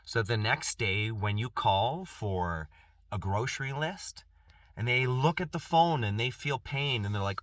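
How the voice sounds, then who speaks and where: Impassioned man, bright dry voice. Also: medium pitch, expressive, a little slow, no room sound. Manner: impassioned, repeats and restarts phrases. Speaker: self-help speaker. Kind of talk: earnest spoken monologue.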